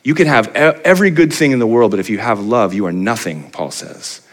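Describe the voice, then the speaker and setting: A man in his forties, a pastor delivering a sermon, animated and often putting rhetorical questions to the congregation. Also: fairly quick. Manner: animated, pitch rising for emphasis, asks the crowd rhetorical questions.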